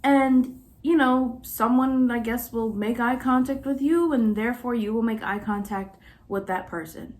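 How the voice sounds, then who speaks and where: Young woman doing a male professor, dismissive, breezy, repeats himself, pitched high. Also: measured pace, few pauses, close to an everyday voice. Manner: airy, offhand, repeats himself.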